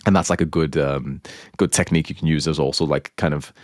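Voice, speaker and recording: A man's voice: extremely low pitch, fairly even intonation, a little fast, no echo, studio quality. A young man with a blunt, crude manner, rambling through a casual monologue as a dating coach, filling his talk with "like". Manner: rambling, heavy use of "like".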